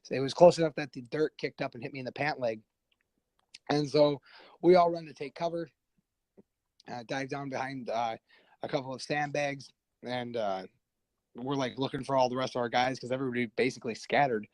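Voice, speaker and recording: A man guest on a podcast telling a war story casually, animated and profane, acting out what others said. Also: mid-range voice, a little fast, long pauses, dry recording, poor audio. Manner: animated, profane, acts out quoted voices.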